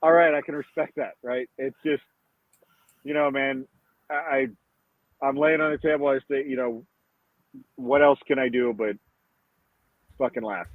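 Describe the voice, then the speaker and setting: A man's voice: mid-range voice, steady tone, moderate pace, long pauses, dry recording. A man guest on a podcast, telling stories with a joking, self-deprecating humor. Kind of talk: casual chat. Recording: tinny, dry phone line.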